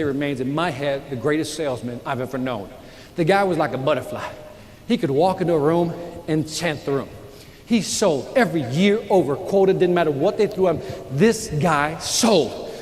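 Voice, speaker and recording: Animated high-pitched motivational speaker. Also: male voice. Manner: animated storyteller, works the crowd with call-and-response. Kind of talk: live motivational keynote. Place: large event hall with a live audience. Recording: reverberant hall, live audience, faint noise.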